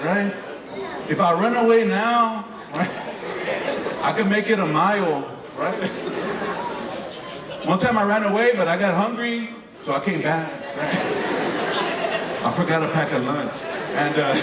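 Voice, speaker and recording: Animated male comedian in an echoey hall. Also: sits high. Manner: animated, lively storyteller with frequent tag questions. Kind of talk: stand-up comedy storytelling. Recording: echoey hall from far off with crowd.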